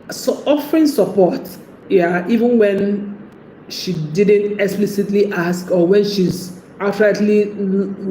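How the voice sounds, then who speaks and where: She hands out casual, chatty relationship advice in a warm, mid-range voice, laughing frequently as she imitates what a partner might say. Faint background noise and room echo can be heard.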